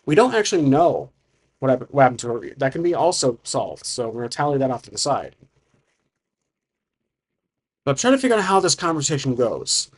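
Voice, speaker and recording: A man's voice: mid-range voice, very animated, quick pace, husky. A man narrating his solo tabletop game, thinking aloud with frequent restarts. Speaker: solo game master and player.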